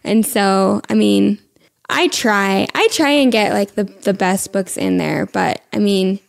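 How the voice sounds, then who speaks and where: A young woman hosts a casual podcast chat in a voice with plenty of vocal fry. She is friendly and curious, putting questions to her guest with light laughs. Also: medium pitch, unhurried. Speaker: podcast host.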